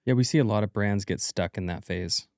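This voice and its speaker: A man's voice: fairly low pitch, a little fast, gravelly, dry recording, clean studio sound. A man co-hosting a podcast, asking questions and explaining things in a casual, conversational way. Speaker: podcast co-host.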